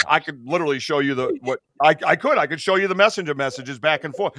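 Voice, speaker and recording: A man hosting a podcast in casual chat, excitable and rambling with lots of fillers. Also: on the high side, fast, few pauses. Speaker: podcast host.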